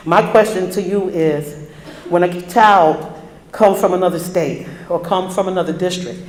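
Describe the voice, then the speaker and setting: An older woman, a grandparent, speaking in a halting, emotional way during public comment at a school board meeting. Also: on the low side. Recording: echoey meeting hall, faint noise.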